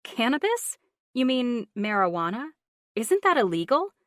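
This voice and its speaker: A woman's voice: very animated, measured pace, a bit bright, dry recording, clean studio sound. A woman voicing an anxious young assistant. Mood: indignant. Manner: high, urgent, reassuring.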